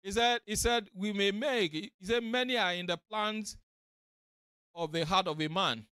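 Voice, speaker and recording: A man preaching with a very high, bright and forceful voice. He calls out to his listeners and acts out the voices in his story. The sound is dry and close. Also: normal speed, clean tone, dry recording. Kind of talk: sermon. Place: church or fellowship hall, streamed online.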